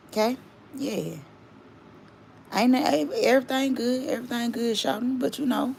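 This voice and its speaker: A woman's voice: a little high, moderate pace, vocal fry, long pauses, darkish tone, slight background noise. A woman hosting a casual livestream, rambling chattily and stopping to greet and thank viewers. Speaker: livestream host.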